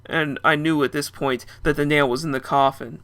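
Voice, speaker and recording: A man's voice: on the high side, steady tone, moderate pace, a bit bright. A young man narrating a first-person story in a casual, chatty way.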